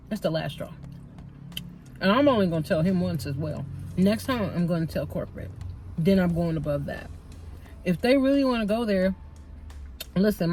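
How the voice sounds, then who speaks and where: A woman's voice: on the low side, darkish tone. A woman in her thirties vlogging casually, telling a heated story about work with lots of swearing. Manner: heated, profane storytelling, addresses viewers as y'all. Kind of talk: casual venting vlog.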